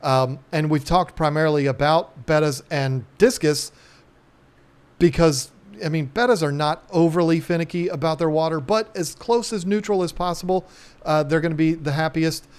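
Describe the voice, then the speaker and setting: A man's voice: on the high side, steady tone, moderate pace, clean tone. A middle-aged man hosting a casual live stream, rambling and joking with many ums and restarts. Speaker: live stream host, aquarium shop owner.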